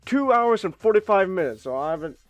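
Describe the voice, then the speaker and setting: A man hosting a live stream in casual chat, joking and swearing freely, often bursting into loud outbursts. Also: high-pitched, big pitch swings, brisk, no room sound, soft background music. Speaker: streamer host.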